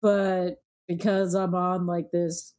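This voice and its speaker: A woman's voice: lowish voice, slow. A woman in her thirties chatting casually on a podcast, telling family stories and acting out her children's lines. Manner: storytelling, animated quoting of her kids. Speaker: podcast co-host. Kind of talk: casual chat.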